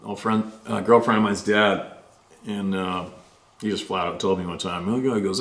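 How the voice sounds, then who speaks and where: A man's voice: lowish voice, animated, a little fast, fairly bright tone, reverberant. A man hosting a show, reading a listener's letter aloud and then rambling casually about it with many fillers. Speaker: host reading listener stories.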